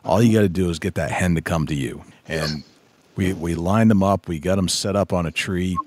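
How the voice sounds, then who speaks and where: A middle-aged man hosting a podcast, affirming his guest and telling his own stories in a measured way. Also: low-pitched, darkish tone, no echo. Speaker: podcast host. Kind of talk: casual conversation.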